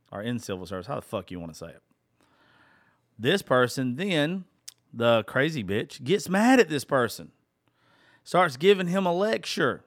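A man's voice: mid-range voice, fairly bright tone, dry recording. Man, podcast host, blunt profane storyteller, dry close sound. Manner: blunt, cussing, exasperated.

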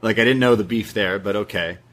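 A man's voice: lowish voice, brisk, a bit bright. Jokey male podcast co-host. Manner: jokey, laughing, chatty reactions. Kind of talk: casual banter about a wrestling show.

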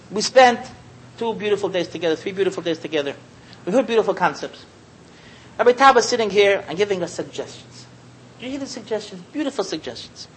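A man giving a Torah talk as a sermon, an animated storyteller who repeats phrases and chuckles often. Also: high-pitched, low-quality recording. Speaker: Torah teacher.

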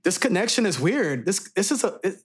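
A man's voice: high-pitched, very animated, a little fast, husky. Playful young man joking around. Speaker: podcast co-host. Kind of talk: casual chat.

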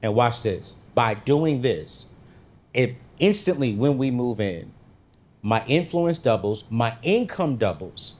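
This guest's testimony is slow-paced but lively, his mid-range voice rising and falling as he shares a personal faith story. He talks in a slangy, casual way and performs his own quoted lines with dramatic jumps in pitch.

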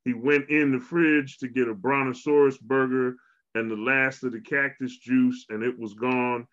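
A man co-hosting a podcast conversation, retelling a cartoon episode in a lively storytelling way and closing with an earnest message to listeners. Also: medium pitch, moderate pace. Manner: animated storyteller, preachy wrap-up. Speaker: podcast co-host. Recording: dull lo-fi sound.

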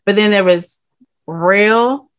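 A woman's voice: mid-range voice, slow. A woman co-hosting a casual podcast, telling a story in a loose, rambling way. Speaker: podcast co-host. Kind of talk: casual chat.

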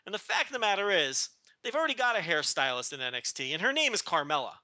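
Bright, lively man joking around. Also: high voice, fast, no room sound. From Texas. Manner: joking, teasing, rambling with restarts. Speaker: podcast co-host. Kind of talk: casual chat.

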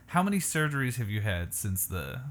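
A man's voice: on the low side, fairly bright tone, slight background noise. Laughing man hosting a podcast. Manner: laughs often, affectionate interjections. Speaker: podcast host. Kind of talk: casual chat.

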